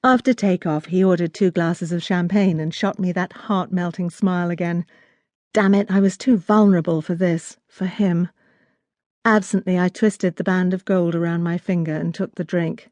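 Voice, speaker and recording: A woman's voice: lowish voice, fairly even intonation, moderate pace, a little mellow, no room sound. A woman narrating a first-person romance audiobook in an intimate, wry storytelling manner.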